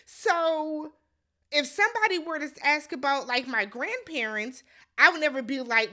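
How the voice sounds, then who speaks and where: Bright, high-voiced woman doing a blunt recap. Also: lively intonation, moderate pace. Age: adult. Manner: blunt, exasperated, talks straight to the viewer. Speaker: recap vlogger. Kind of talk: animated casual recap commentary.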